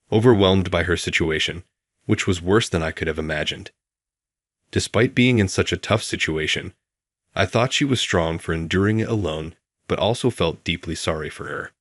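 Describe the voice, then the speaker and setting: A man calmly narrating a scripted first-person story as the channel's storyteller. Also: sits low, no room sound, studio quality.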